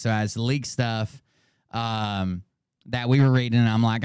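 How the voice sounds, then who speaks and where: A man's voice: fairly low pitch, measured pace, darkish tone, clear, resonant tone, no echo, clean studio sound. A man commentating casually on a stream, laid-back and profane, laughing at clips and talking straight to his viewers.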